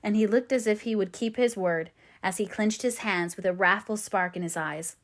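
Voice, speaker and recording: A woman reading a classic novel aloud as an audiobook narrator, in a clear, measured storytelling manner. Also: mid-range voice.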